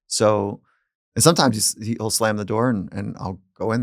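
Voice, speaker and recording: Calm low gravelly man. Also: normal speed, no room sound, clean studio sound. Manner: calm and reflective, speaking at length. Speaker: psychologist and podcast host. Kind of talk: casual conversation.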